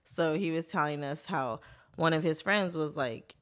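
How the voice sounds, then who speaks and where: A woman's voice: deep voice, normal speed, a bit bright. A woman in her thirties co-hosting a casual podcast, telling a story animatedly and acting out the quotes. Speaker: podcast co-host. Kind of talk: casual chat.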